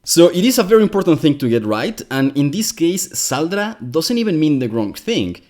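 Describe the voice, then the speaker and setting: A man's voice: on the high side, sing-song, a little fast, darkish tone. A man whose first language is Spanish, hosting a scripted commentary with a wry, exasperated manner. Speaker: commentary video host.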